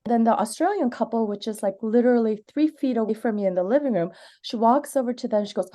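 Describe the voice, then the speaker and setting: Earnest mellow-voiced woman telling her story. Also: fairly high pitch, a little fast. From Canada. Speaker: community member giving public comment. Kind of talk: personal testimony.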